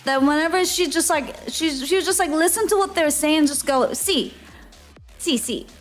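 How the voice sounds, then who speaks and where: A woman's voice: high-pitched, a little fast, faint music behind. A woman streamer telling a travel story in casual live-stream chat, laughing often and filling her talk with "like". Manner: chatty, laughs often, lots of "like" fillers.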